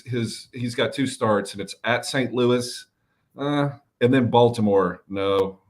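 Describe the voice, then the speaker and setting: A man's voice: mid-range voice, takes it slowly. A man co-hosting a live fantasy baseball show, talking loosely with jokes, fillers and the odd swear word. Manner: loose and joking, fillers and restarts, mild swearing. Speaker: fantasy baseball podcast co-host. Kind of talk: casual live-stream chat.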